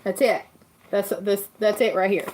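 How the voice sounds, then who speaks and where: A woman's voice: mid-range voice, fairly even intonation, moderate pace, darkish tone, slight background noise. A woman with a Southern US accent hosting a casual livestream, rambling and laughing often as she chats. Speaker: livestream host. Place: farm home kitchen.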